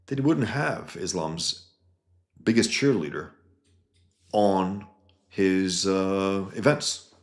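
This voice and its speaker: A man with a very low, deep voice talks in a blunt, heated way and swears often. He gives casual commentary and reads out comments from the internet.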